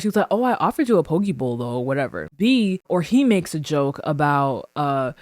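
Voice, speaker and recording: A woman's voice: low-pitched, dry recording. A woman giving casual, emphatic commentary in a recap of a reality show, opinionated and slangy, recorded close to the mic.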